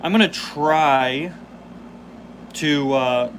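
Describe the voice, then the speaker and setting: A man's voice: medium pitch, moderate pace, pauses often, a bit bright, a little hiss or hum. A man in his twenties hosting a casual live stream, chatting, laughing and reading the chat aloud while chewing candy. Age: 20s. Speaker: host.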